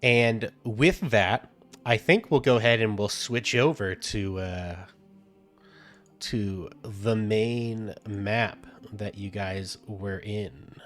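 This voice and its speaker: A man running a tabletop game as game master, talking in a halting way with many fillers as he narrates scenes to his players. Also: lowish voice, a bit bright, soft background music. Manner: halting, many fillers while reading out descriptions.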